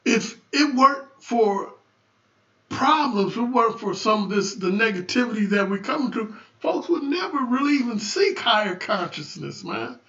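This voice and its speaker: A man giving a rambling spiritual talk on a livestream, stumbling over restarts and building to loud preaching. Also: extremely high pitch, animated, moderate pace. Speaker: livestream host. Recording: echoey room, distant dull lo-fi mic.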